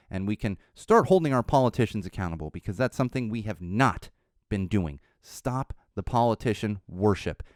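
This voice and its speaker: A podcast host with a low-leaning voice rants bluntly and passionately about politics, swearing freely, before signing off the episode. The recording is dry and studio quality.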